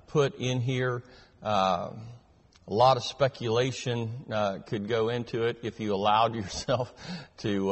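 Male Bible class teacher, slow and hesitant delivery, long hall reverb. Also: medium pitch. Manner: measured, hesitant with many fillers. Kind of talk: verse-by-verse Bible study teaching.

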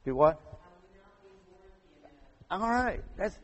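A man preaching a sermon with a fairly high voice. He talks conversationally, then surges into emphatic peaks before falling back to quiet asides. A long reverb trails behind his words. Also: expressive, unhurried, breathy edge.

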